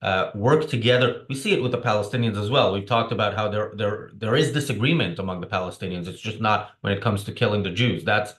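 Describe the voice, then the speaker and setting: Low-voiced tired guy cohosting a politics chat, lots of stops and restarts, echoey room. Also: a bit bright. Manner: halting, restarts often. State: jet-lagged. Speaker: podcast co-host. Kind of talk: casual political discussion. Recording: roomy echo.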